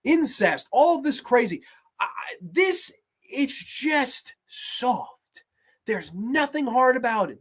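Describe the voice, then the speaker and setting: A man in his twenties hosting a horror movie review, talking casually with a profane, sarcastic, ranting manner. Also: high-pitched. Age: 20s.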